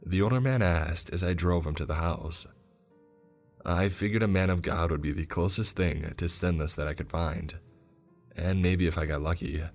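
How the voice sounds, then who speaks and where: A man narrating a first-person horror story in a steady, tense way. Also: low voice.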